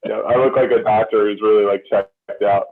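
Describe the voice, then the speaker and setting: A man, a comedian guest, joking through deadpan absurd stories while calling in by phone to a casual chat. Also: on the low side, a little fast. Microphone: phone on a video call. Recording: tinny phone-line audio.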